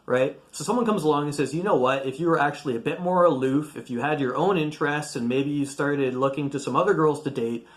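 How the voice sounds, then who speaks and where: A man talking straight to camera, giving blunt, conversational life advice and acting out quoted voices as he goes. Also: on the high side. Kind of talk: direct-to-camera advice monologue.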